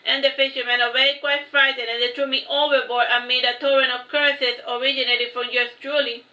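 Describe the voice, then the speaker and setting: A woman reads her own story aloud in the first person, taking each phrase slowly and deliberately. Her voice sits high and sounds bright, with an even, narrow pitch. The recording is roomy and a little muffled. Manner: slow, measured read-aloud delivery. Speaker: author reading her book. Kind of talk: first-person book reading. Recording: echoey room, slightly dull sound.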